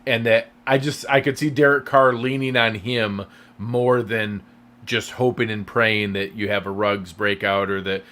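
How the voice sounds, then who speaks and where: A man's voice: fairly low pitch, steady tone, measured pace, a bit bright. A man co-hosting a fantasy football podcast, chatting casually and rambling through many restarts and hesitations. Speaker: podcast co-host. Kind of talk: casual sports chat.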